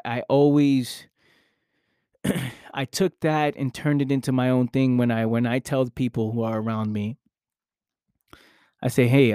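Man, podcast host, motivational monologue, emphatic, slangy, repeats himself, mid-pitched, dry close mic. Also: a little mellow, no echo. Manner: earnest, emphatic, repeats phrases; swears casually, slangy.

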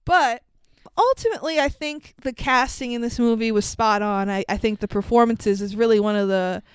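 A young woman co-hosting a casual movie podcast, animated and swearing freely. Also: a little high, normal speed, clear, resonant tone, no room sound. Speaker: podcast co-host.

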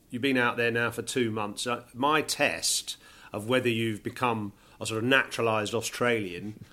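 A man from England hosting a podcast, recapping in a brisk, summarising way with light teasing. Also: mid-range voice, bright, forceful tone. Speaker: podcast host. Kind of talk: casual analytical chat.

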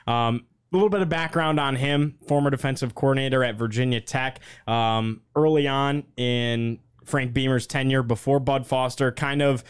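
A man hosting a casual podcast, asking relaxed questions with a few fillers. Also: medium pitch, moderate pace, hardly any pauses, clear, resonant tone. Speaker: podcast host.

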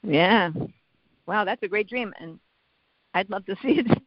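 A soft-spoken guest talks in a reflective, halting way, with a mid-range voice. The sound is dry and close. The recording is muffled and lo-fi. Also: mid-range voice, no room sound. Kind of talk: casual conversation.

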